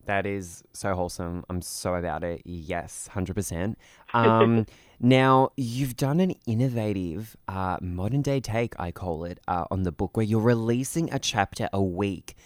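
A man's voice: lowish voice, unhurried, no room sound, clean studio sound. A man hosting a casual radio podcast interview, bubbly and enthusiastic. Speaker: podcast host.

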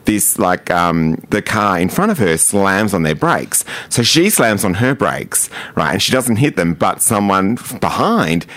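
A man in his thirties co-hosting a casual radio chat, telling stories in an animated way. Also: on the low side, measured pace, few pauses, no echo. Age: 30s. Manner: animated storyteller. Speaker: radio co-host.

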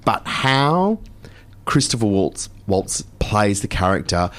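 A man's voice: on the low side, sing-song, takes it slowly, a bit bright. A man, co-hosting a community radio show and gushing through a film review in casual chat. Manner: chatty, gushing, enthusiastic. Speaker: radio co-host. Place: radio studio.

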